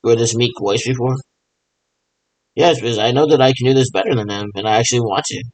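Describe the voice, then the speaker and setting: A man with a voice of ordinary middle pitch rambles on his own. He mimics radio check chatter and keeps answering himself in a loose, repetitive back-and-forth. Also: brisk, no room sound, poor audio. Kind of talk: rambling improvised monologue.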